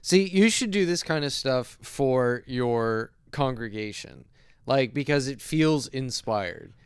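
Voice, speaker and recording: A man's voice: medium pitch, lively intonation, slow pace, smooth, no echo, studio quality. A man co-hosting a comedy podcast, teasing his partner with crude jokes in casual banter. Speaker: podcast co-host.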